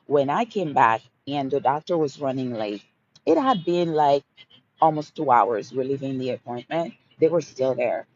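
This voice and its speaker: A woman's voice: rumbling low, lively intonation, normal speed, a little mellow, lo-fi sound, slight background noise. A woman with a Haitian accent hosting a live Q&A, speaking emphatically in affirming, repeated mantras and calling listeners honey and baby. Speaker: host of a live Q&A. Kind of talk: motivational livestream talk.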